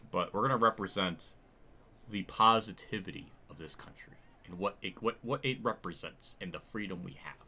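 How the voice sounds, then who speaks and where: Livestreaming sim racing, this man rambles casually in a low-pitched voice that sounds pushed and bright. He thinks out loud with frequent restarts and the occasional swear.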